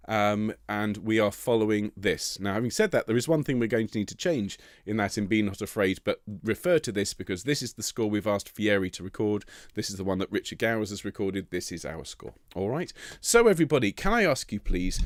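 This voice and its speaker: A choir director leading an online soprano rehearsal, giving encouraging instructions, counting in and singing short phrases to demonstrate. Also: male voice, dry recording, clean studio sound. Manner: sings demonstration phrases in a high voice.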